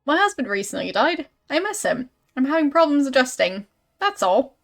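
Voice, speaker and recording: A woman reading the lines of a grieving young widow and mother, in a quiet, subdued manner. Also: high-pitched, very animated, moderate pace, soft background music. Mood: sad.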